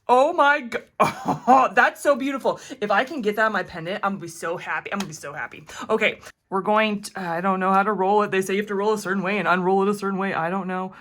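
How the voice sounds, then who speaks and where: A woman vlogging as she makes resin jewelry, chatty and excitable, often gasping and laughing as she works. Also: medium pitch. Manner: chatty, excitable, gasps and laughs while working. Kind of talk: casual crafting tutorial chat.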